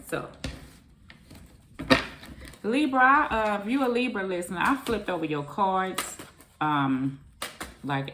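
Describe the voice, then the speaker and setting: A woman's voice: low voice, background noise. A middle-aged woman, doing a chatty casual tarot reading and calling her viewers baby and honey. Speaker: tarot reader.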